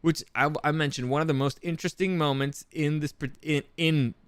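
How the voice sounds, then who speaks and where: A man's voice: on the high side, fairly even intonation, fairly quick, smooth, no echo. A man hosting a podcast, giving casual commentary in a rambling way, with lots of restarts and the odd curse. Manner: rambling with frequent restarts and profanity. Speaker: podcast host.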